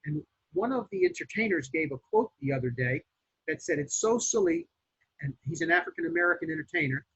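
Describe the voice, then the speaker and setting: A real estate instructor, lecturing a class in an emphatic, lively way with fillers and restarts. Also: male voice, on the high side, quick pace, husky. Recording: dull lo-fi classroom recording.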